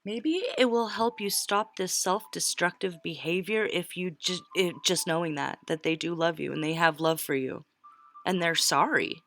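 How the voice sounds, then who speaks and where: A woman giving a casual tarot reading, chatty and quick to laugh, often breaking off and restarting her words. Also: on the low side, a bit bright. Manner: chatty, laughs easily, breaks off mid-word. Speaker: tarot reader.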